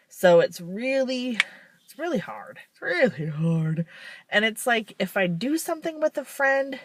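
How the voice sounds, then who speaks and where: A woman's voice: mid-range voice, no room sound. A woman talking casually to camera in a rambling, frank way, with weary self-deprecating laughs. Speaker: vlogger. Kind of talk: casual confessional vlog.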